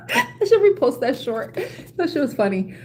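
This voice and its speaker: A woman's voice: high voice, wildly swooping pitch, measured pace, darkish tone, slight background noise. A woman giving a casual tarot reading to her viewers, chatty and laughing often, with many "you know"s. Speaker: tarot reader.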